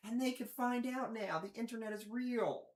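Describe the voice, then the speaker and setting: A man's voice: very high voice, moderate pace, echoey room, background noise. A man hosting a podcast, chatting crudely and acting out quotes in other voices. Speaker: podcast host. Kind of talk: casual crude banter. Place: studio room.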